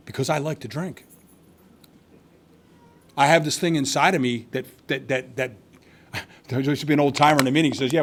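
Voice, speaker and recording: A man's voice: fairly high pitch, a bit bright. A man in his sixties telling his recovery story to a meeting, candid and wry, with restarts. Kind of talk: personal testimony to a live meeting. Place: meeting hall.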